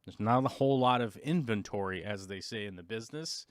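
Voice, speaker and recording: A man's voice: lowish voice, lively intonation, fairly quick, no echo, studio quality. A man hosting a casual livestream chat, rambling with many fillers and playfully mimicking other people. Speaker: livestream host.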